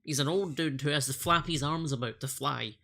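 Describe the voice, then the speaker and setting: A man's voice: on the high side, brisk, gravelly, sharp tone. A man chatting casually about a film on a podcast, enthusiastic, laughing often and swearing in passing. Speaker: podcast co-host. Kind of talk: casual movie review chat.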